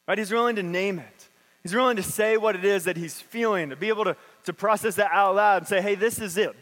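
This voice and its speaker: In a church sanctuary with long, hall-like reverb, a male pastor whose voice sits high and a bit bright reads from scripture. He then talks it through casually, as if chatting with the congregation.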